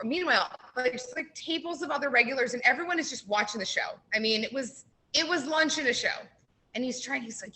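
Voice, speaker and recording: A woman guest on a radio show telling a long, lively anecdote, full of "like" and acted-out quotes. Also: sits high, quick pace, poor audio. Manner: lively storyteller, heavy use of "like". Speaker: brewery guest. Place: radio studio.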